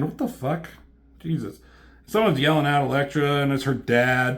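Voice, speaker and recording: A man's voice: medium pitch, moderate pace, a bit bright. A man reviewing a comic book with sarcastic, profane running commentary. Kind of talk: comedic commentary.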